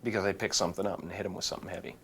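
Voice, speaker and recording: A man being interviewed as an actor guest, answering with deadpan jokes and bursting into silly voices. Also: low-pitched, racing, heavy background noise.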